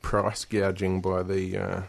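A man hosting a radio interview, asking questions in a measured, hesitant way with frequent "uh". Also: low-pitched, monotone, vocal fry. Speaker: radio host.

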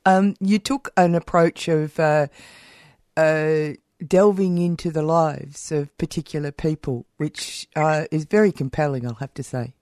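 A radio host interviewing a guest, pausing often with "uh" while hunting for words. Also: mid-range voice, steady tone, a little mellow, no room sound, clean studio sound. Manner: hesitant, many "uh" pauses.

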